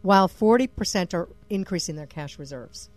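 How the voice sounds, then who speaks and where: A woman's voice: lowish voice, lively intonation, normal speed, darkish tone, no room sound, soft background music. A woman co-hosting an investing radio show, chatty as she reads out survey figures. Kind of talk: casual radio talk.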